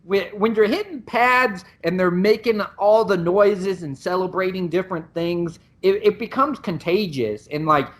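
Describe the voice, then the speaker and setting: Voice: mid-range voice, moderate pace, few pauses. Muay Thai coach co-hosting a podcast. Casual, explanatory, stops and restarts often. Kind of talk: casual chat.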